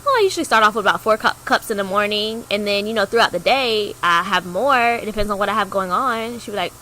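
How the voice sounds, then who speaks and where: A young woman co-hosting a podcast, telling a personal story in a chatty way, acting out the voices of people in it with big jumps in pitch. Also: fast talker, slight background noise, rough recording. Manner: animated, acts out quoted dialogue with big pitch jumps; chatty, heavy use of "like" fillers. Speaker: podcast co-host.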